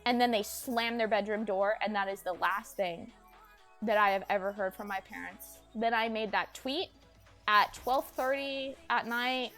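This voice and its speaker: A woman's voice: medium pitch, a little slow, a bit bright, faint music behind. A young woman streamer telling an upsetting family story, agitated and swearing, often raising her voice to replay arguments. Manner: agitated, swears, acts out quotes in raised voice. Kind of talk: emotional storytime chat.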